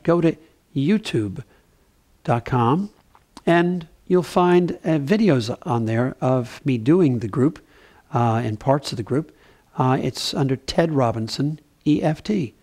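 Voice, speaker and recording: A man giving a gentle, conversational mindfulness talk with playful asides. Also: mid-range voice, lively intonation, unhurried. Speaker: spiritual teacher.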